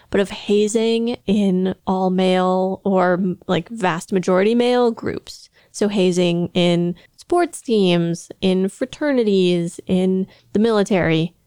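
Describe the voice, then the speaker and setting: A woman of middling pitch discusses on a podcast in an animated way, playfully acting out lines. The recording is dry and close. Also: no room sound. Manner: animated, acts out quotes playfully. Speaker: podcast co-host. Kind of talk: analytical discussion.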